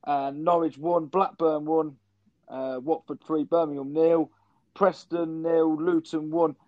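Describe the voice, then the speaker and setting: A man hosting casual football chat, matey and brisk, running through results. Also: fairly high pitch, level tone, no echo. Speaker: podcast host. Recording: dull dry lo-fi sound.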